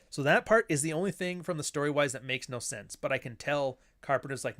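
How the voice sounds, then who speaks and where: A man's voice: medium pitch, fairly quick, few pauses, fairly bright tone. A man who writes books, riffing casually on old films. He rambles, swears freely and acts out quoted lines. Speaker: author and host. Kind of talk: casual film commentary.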